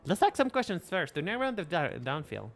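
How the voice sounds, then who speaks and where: A man's voice: high-pitched, very animated, fairly quick, voice pushed up. A man casually reading the lines of an eager, bold young woman adventurer, tripping over words at times. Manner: reading game dialogue aloud with stumbles. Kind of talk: casual dialogue read-along. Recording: faint background music.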